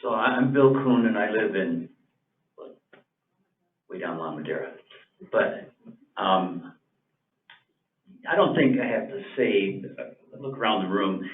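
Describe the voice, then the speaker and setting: A man's voice: fairly low pitch, lively intonation. Exasperated man at a town meeting. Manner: exasperated, indignant, halting restarts. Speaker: resident speaking at public comment. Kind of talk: public meeting comment. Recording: echoey, distant, tinny phone-like sound.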